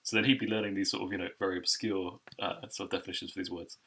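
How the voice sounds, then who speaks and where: A young man from England hosting a casual podcast chat, telling stories quickly and animatedly. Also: low voice, vocal fry. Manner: rapid, animated storytelling with laughs.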